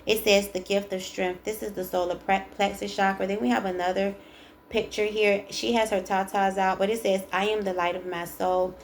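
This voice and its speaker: A woman's voice: mid-range voice, little pitch movement, moderate pace, slight background noise. A woman doing a casual spiritual tarot card reading, chatty and emphatic, reading card texts aloud and repeating the key lines. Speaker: tarot reader.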